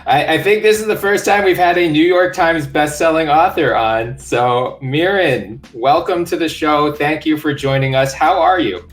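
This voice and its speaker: A man's voice: fairly high pitch, normal speed, hardly any pauses, faint music behind. A man hosting a basketball podcast interview in a friendly way, with light laughter and fillers. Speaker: podcast host.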